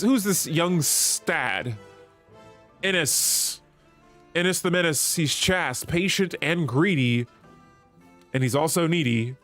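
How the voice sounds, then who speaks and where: A man's voice: a little high, no echo. A man streaming a strategy game, chatting with viewers and reading the in-game text aloud. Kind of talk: live gameplay commentary.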